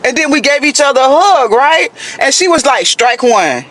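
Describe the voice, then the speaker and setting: A man's voice: extremely high pitch, brisk, sharp tone. A man telling a dating story in a chatty, dramatic way, talking straight to listeners with lots of asides. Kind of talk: animated casual storytelling to viewers.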